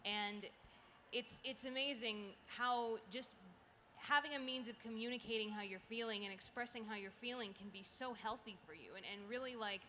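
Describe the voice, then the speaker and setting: A woman's voice: on the high side, normal speed, pushed and bright. Chatty woman in a big hall. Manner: chatty, lots of fillers and restarts. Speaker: animation youtuber panelist. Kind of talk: casual panel storytelling. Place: large convention hall. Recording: distant reverberant hall, faint noise.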